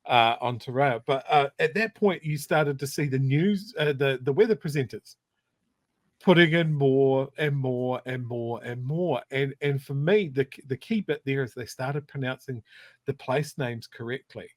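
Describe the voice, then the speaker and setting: A man from South Canterbury with a New Zealand accent, co-hosting a podcast and telling stories in a conversational, animated way. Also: medium pitch, measured pace, dry recording. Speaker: podcast co-host. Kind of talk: casual chat.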